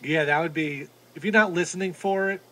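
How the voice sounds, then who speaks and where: A man's voice: on the high side, brisk, fairly bright tone. A man co-hosting a radio show, chiming in with short, dry reactions. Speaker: radio co-host.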